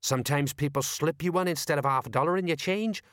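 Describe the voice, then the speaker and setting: A man's voice: a little high, quick pace, a bit bright, no room sound, clean studio sound, voice pushed up, lightly acted. A man voicing a self-important, blustering male watch sergeant in an audiobook. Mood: pompous. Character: pompous know-it-all male watch sergeant.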